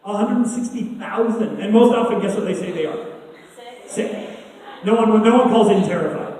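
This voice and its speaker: A man telling a story to students at a school assembly, an animated speaker who throws questions at the audience, recorded by a phone from far back in a large hall. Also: high-pitched, normal speed. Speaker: anti-bullying assembly speaker.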